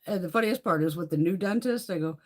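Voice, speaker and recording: A woman's voice: lowish voice, fast talker, a little mellow. A woman hosting a casual beauty livestream, telling blunt, profane stories and laughing often as she chats with viewers. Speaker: beauty vlogger hosting a live haul stream. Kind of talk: casual livestream chat and storytelling.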